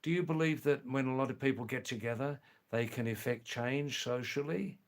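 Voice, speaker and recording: A man's voice: mid-range voice, normal speed. A middle-aged man from Australia, hosting a casual livestream and talking back to viewers, emphatic and repeating his key points. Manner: emphatic, repeats key phrases, frequent ums. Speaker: livestream host.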